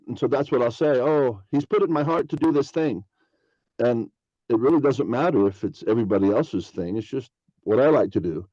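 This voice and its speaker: A man's voice: mid-range voice, expressive, a little fast, mellow, dry recording, muffled recording. A man hosting a podcast, rambling through a casual spiritual monologue and acting out imagined dialogues in a raised voice. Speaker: podcast host.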